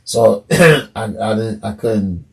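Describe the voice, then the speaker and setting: Gravelly-voiced New man telling stories. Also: lowish voice, slow. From New York. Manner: animated storyteller acting out quoted dialogue. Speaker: podcast guest. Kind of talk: casual storytelling.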